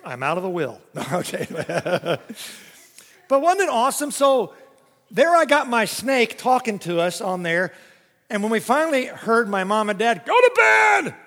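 A man preaching a sermon, telling lively stories with jokes and little voice impressions. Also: sits high, in a large hall. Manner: animated storytelling with jokes and voice impressions.

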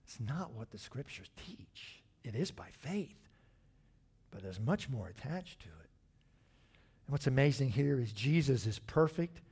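A man, middle-aged, preaching a sermon, swinging from loud emphatic lines to hushed, drawn-out asides. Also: mid-range voice, animated, slightly rough. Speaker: pastor.

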